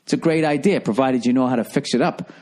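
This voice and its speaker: A man's voice: medium pitch, quick pace, a little mellow. Profane ranting middle-aged man. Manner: profane, sarcastic, mocks people in put-on voices. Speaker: comedian podcast host. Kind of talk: rambling comedic rant.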